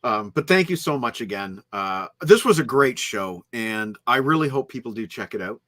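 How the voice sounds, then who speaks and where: A man's voice: mid-range voice, lively intonation, moderate pace, fairly bright tone. A man hosting a rock music podcast in upbeat, chatty talk. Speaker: podcast host. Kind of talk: casual chat.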